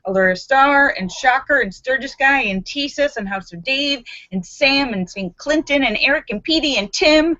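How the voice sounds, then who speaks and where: A woman's voice: high voice, lively intonation, normal speed, hardly any pauses, pushed and bright, muffled recording. A woman hosting a live stream, chatty, greeting viewers by name and reading out their jokes.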